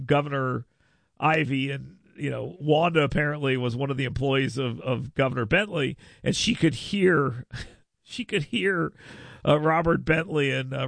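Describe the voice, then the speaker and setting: A man's voice: mid-range voice, vocal fry, a bit bright, dry recording, studio quality. A man hosting a talk radio show, telling a rambling story full of mocking voices. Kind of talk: casual radio chat.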